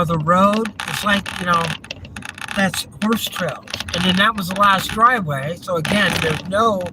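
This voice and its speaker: A man hosting a live driving vlog, rambling and chuckling as he thinks aloud from inside a moving car. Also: sits high. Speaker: vlog host. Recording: road noise from a car.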